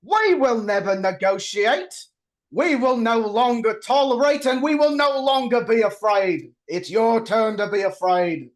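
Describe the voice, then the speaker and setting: A man playing a defiant male movie president in a slow, deliberate declamation. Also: extremely high pitch, voice pushed up.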